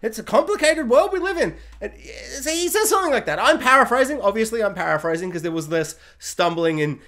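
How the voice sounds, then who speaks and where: An Australian man talks through a casual video review, his pitch swinging up and down. He rambles, mocks himself and often breaks into laughter. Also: expressive, brisk, sharp tone.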